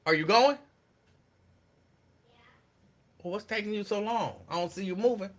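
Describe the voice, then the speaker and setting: A man hosting a casual live talk show from home, reacting with animated disbelief to viewers' comments. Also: high-pitched, a little slow. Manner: animated, incredulous, talks back to viewers' comments. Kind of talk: casual live-stream chat.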